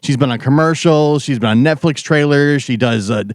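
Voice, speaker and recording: A man on a radio show chiming in with quick, dry remarks during casual studio banter. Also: a little high, dry recording.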